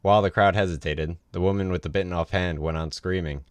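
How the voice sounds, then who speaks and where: A man reads a novel aloud for a livestream, in an easy, casual way with offhand asides. His voice sits very low. The sound is close and dry. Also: steady tone, quick pace, smooth, no echo. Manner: casual read with ad-libbed asides. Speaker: reader.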